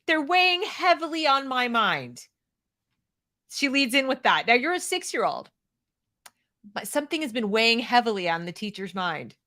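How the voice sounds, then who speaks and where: A woman's voice: on the high side, pushed and bright. An American woman giving opinionated commentary, sarcastic and mocking the clips she reacts to. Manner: sarcastic, mocks quoted clips.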